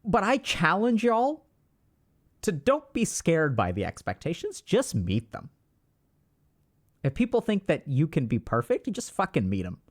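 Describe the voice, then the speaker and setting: Animated, emphatic man on a livestream. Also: fairly high pitch, a little slow. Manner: emphatic, animated, swears casually. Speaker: streamer giving life advice to chat. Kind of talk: casual livestream talk.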